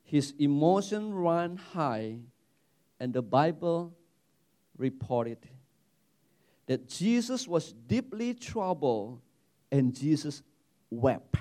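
A man preaching a sermon as pastor, animated, repeating words and restarting his phrases. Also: a little high, slow pace, long pauses.

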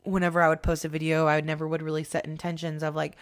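A woman's voice: low voice, flat delivery, racing. A woman hosting a podcast as a spiritual medium, talking in a rambling, casual monologue with lots of swearing and self-mocking asides.

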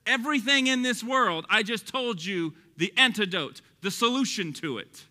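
Man, Texan accent, pastor, passionate sermon, high bright voice, long reverb. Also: very animated, fairly quick, hardly any pauses. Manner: passionate, conversational preaching with rising emphasis.

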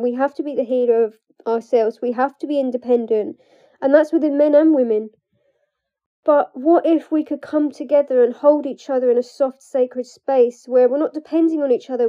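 A young woman with a high voice opens up in a confessional vlog, candid and emotional, pausing and laughing nervously between thoughts. The sound is dull and lo-fi, with the top end muffled. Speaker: trauma coach. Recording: dull lo-fi recording.

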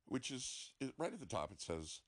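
A man's voice: medium pitch, very animated, normal speed. A middle-aged man telling a story to camera in a dry, sarcastic way. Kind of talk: casual storytelling monologue.

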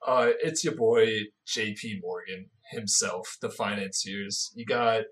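Low-voiced male podcast co-host. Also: fairly even intonation, a little slow, a bit bright. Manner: chimes in with short agreements. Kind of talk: casual chat.

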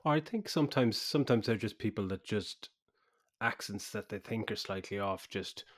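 A man hosting a podcast in a dry, close recording, his voice sitting low. He is easygoing and laughs often, swearing casually as he chats. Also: lively intonation, normal speed, no echo. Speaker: podcast host. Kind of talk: casual chat.

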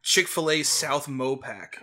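A man's voice: mid-range voice, a little slow. A young man in his twenties co-hosting a casual podcast, telling a funny story and laughing as he goes. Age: 20s. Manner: animated, laughs through his stories. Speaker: podcast co-host.

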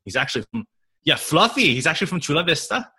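Slightly high and husky, this man's voice comes from a physical therapist in his thirties chatting on a podcast. English isn't his first language, and he's animated, quick to laugh, and full of fillers and restarts.

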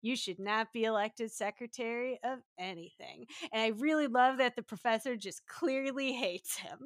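A young adult woman cohosting a podcast, recapping an episode in casual, jokey chat with quick asides. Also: fairly high pitch, no echo, studio quality.

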